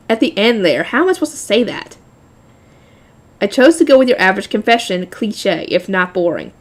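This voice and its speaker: A woman reading a light novel aloud, often laughing and breaking off to chat with her viewers. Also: medium pitch.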